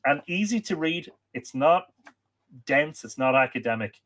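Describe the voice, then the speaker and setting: A man's voice: on the high side, lively intonation, unhurried, fairly bright tone. An Irish man hosting a live stream, chatting casually, reading out viewer comments and recommending books, with plenty of ums and uhs. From Ireland. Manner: chatty, reads viewer comments aloud, many fillers. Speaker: livestream host. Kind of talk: casual livestream chat.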